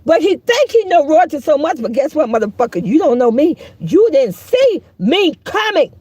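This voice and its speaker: A woman's voice: sits high, very animated, moderate pace, darkish tone, dry recording. A middle-aged woman giving heated, profane, preachy live-stream commentary, mocking the people she talks about.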